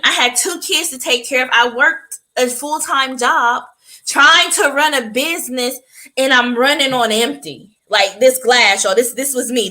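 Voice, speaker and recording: Bright, expressive woman podcast co-host. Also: high voice, rough recording. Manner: expressive, emphatic storytelling. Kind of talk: casual chat.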